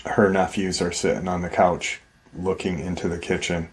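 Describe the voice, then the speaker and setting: A man's voice: deep voice, flat delivery, moderate pace, a little hiss or hum. A man hosting a paranormal channel, casually retelling an encounter story in a rambling, conversational way. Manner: rambling and conversational, many "like" and "you know".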